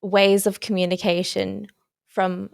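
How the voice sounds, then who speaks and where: Woman in her 20s, podcast host, tentative hedging questioner, mid pitch, dry sound. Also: little pitch movement, measured pace, gravelly, smooth, no room sound. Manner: tentative questions with many qualifiers.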